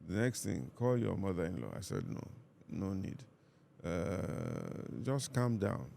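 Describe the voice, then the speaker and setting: Nigerian male pastor, very low gravelly voice, calm measured storyteller. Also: a little hiss or hum. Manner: calm, measured, reenacts dialogue. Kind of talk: reflective storytelling in conversation.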